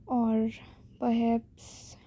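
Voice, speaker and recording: A teenage girl with an Indian accent talks through her podcast in a slow, hesitant ramble. Her slightly high voice is dark and mellow with a breathy edge. She sounds shy and self-deprecating. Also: completely flat delivery. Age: teens. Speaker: podcast host. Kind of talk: casual solo podcast monologue.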